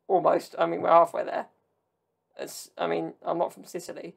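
In a casual solo podcast, a host from Southern Italy rambles and veers into tangents, adding jokey asides along the way. Their medium-pitched voice is gravelly and husky, fairly quick, with little pitch movement.

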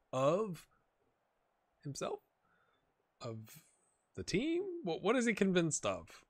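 A man giving casual, rambling commentary over a football management game, with sudden excited outbursts and a slightly rough throat. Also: medium pitch, no room sound. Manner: rambling, excitable bursts over match play. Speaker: gaming commentator. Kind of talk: casual let's-play commentary.

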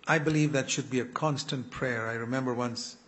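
An older man preaching a sermon in an earnest, pleading way, often clearing his throat. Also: medium pitch, steady tone, fairly quick, fairly bright tone. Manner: earnest, pleading, with quoted prayers.

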